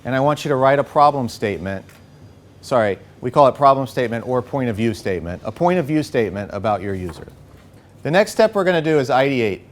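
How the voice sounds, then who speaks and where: A man leading a live workshop, coaching the group with an energetic manner and frequent "okay?" and "right?" check-ins. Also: lowish voice. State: a bit out of breath. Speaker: workshop facilitator. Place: workshop room.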